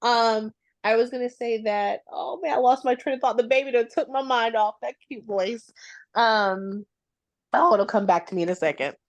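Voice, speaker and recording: A woman with a slightly high voice joins a casual Bible study discussion. She laughs easily and speaks warmly. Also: moderate pace.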